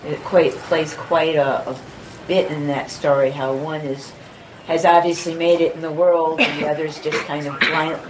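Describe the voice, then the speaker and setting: Low-voiced woman hesitating in a group chat, noisy background. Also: little pitch movement, moderate pace. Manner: hesitant, searching for words. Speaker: discussion participant. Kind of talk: group discussion.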